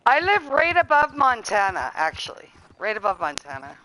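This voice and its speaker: Canadian woman streaming, lively sing-song delivery, bright tone, teasing and swears freely. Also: on the high side, moderate pace, a little hiss or hum, rough recording. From Western Canada. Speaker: game streamer. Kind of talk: casual gaming chat with friends.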